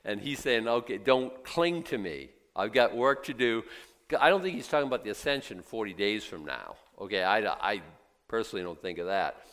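Expressive male preacher. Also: on the low side, moderate pace. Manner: swings from quiet reflection to loud excited emphasis; acts out voices of biblical characters and doubters. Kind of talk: sermon.

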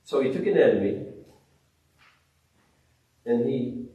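A man preaching a sermon, animated, swinging between loud exclamations and hushed reverence, with frequent restarts. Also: medium pitch, slow, narrow, tinny audio. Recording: very echoey, distant mic.

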